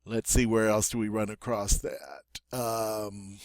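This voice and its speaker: A patient man teaching pronunciation at an unhurried, slow pace. His voice sits mid-range and is recorded close and dry, with no room sound around it. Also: lowish voice, level tone, dry recording. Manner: patient, repeats words slowly with many "all right?" checks. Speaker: French teacher. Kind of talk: pronunciation lesson.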